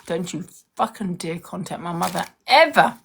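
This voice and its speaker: A woman's voice: mid-range voice, measured pace, creaky, a bit bright, slight background noise. A young woman in a heated, confrontational social media rant, repeating herself for emphasis.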